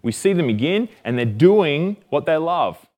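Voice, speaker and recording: A man's voice: fairly high pitch, sing-song, unhurried, dull audio. A man with an Australian accent giving a casual, jokey Bible lesson, often correcting himself. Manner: chatty and jokey, self-correcting.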